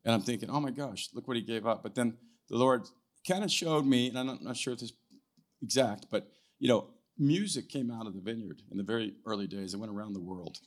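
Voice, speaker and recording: Older man, guest speaker, church testimony, chatty storytelling, keeps asking "right?", frequent throat clearing. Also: mid-range voice, expressive, a little fast. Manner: conversational, tags lines with "right?", clears throat often. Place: church hall, live event.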